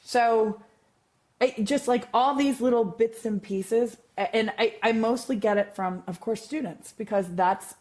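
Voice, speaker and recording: Chatty woman teacher, animated talk. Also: fairly high pitch, a little slow. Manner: chatty and animated, many fillers and restarts. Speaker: math teacher and guest. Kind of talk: casual interview chat.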